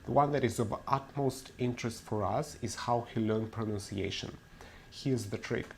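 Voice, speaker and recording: A man's voice: medium pitch, moderate pace, gravelly, slight background noise. A man teaching English pronunciation in a webinar, laying out his principles one by one in an explanatory way. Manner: methodical, explanatory, lists principles step by step. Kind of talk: webinar lecture.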